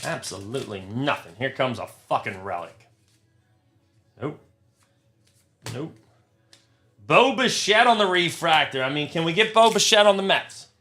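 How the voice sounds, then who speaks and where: A man's voice: on the high side, very animated, measured pace, long pauses, pushed and bright. A young man hosting a live trading card break, talking to his chat, frustrated and swearing often. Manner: profane, frustrated, talks to chat.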